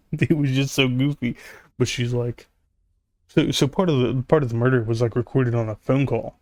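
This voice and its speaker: A man's voice: mid-range voice, steady tone, moderate pace, darkish tone, no echo. Rambling man talking casually over gameplay. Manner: rambling, full of fillers and sarcastic jokes. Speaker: gaming YouTuber.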